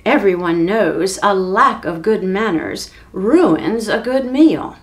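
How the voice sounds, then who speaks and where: A woman's voice: mid-range voice, animated, slow pace. A woman voicing a bold, clever young butter maid who scolds and gives orders in a storybook reading. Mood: bossy. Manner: scolding, bossy exclamations.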